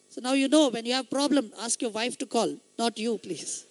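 A man with a light, high voice often taken for a woman's, preaching a sermon with emphatic storytelling that swells into loud exhortation. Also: moderate pace, few pauses, dry recording.

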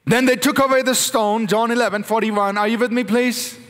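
A male pastor preaching a sermon in an animated way, slowing down and rising in pitch when he recites prayers. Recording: long hall reverb.

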